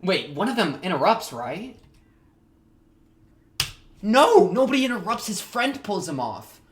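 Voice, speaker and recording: Excitable young man reacting, lively pitch. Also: a little slow, a little hiss or hum. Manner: rambling, slangy, excitable outbursts. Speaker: anime reaction host. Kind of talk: casual reaction commentary.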